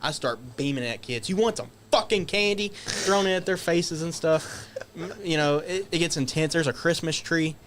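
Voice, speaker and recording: A man guest on a podcast, telling stories casually, animated and swearing, acting out shouted quotes. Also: fairly high pitch, moderate pace, slight background noise. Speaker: guest wrestler. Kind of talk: casual storytelling.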